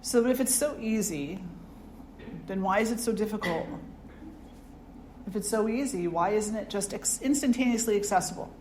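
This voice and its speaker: A woman's voice: mid-range voice, normal speed, long pauses, a little mellow, slight background noise. A woman, a spiritual teacher, giving a reflective, conversational satsang talk and asking her audience questions. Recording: roomy hall with faint ambience.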